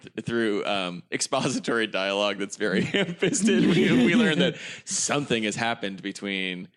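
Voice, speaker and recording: Deep-voiced man with a lively, swooping delivery. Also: normal speed. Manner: animated, laughing, rambling recaps with filler words. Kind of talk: casual comedic movie chat.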